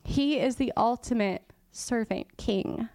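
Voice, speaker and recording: A guest church teacher with a fairly high, darkish voice and vocal fry speaks slowly in a conversational sermon, with no echo on the recording. She keeps it casual, laughs frequently, and slips into a whisper when making a point.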